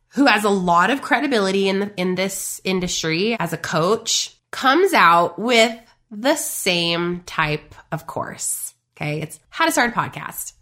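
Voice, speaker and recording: A woman's voice: medium pitch, pushed and bright. A woman hosting a podcast, telling a personal business story in a chatty, emphatic way and talking straight to her listeners. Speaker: podcast host and business coach. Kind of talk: casual motivational monologue.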